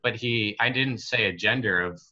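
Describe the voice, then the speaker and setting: A man in his twenties telling a story as a guest on a casual podcast, chatty and relaxed, full of fillers like "like" and "you know". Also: on the low side, normal speed. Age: 20s. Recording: slightly muffled lo-fi recording.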